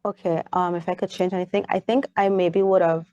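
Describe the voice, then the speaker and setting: A young woman with a Caribbean English accent speaks as a guest in a relaxed interview. Her voice sits low and sounds dry and close, and she brings her anecdotes to life by acting out the voices in them. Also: a little fast, no echo, highs cut off. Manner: animated storyteller, acts out her child's voice. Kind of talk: casual interview chat.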